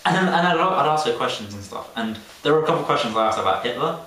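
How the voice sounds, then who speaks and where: A young man in his late teens, telling a story in a rambling, animated way with plenty of laughs. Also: medium pitch, racing. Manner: rambling, animated, laughs often, many fillers. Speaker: podcast co-host. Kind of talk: casual storytelling chat. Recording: echoey room, distant mic, faint hiss.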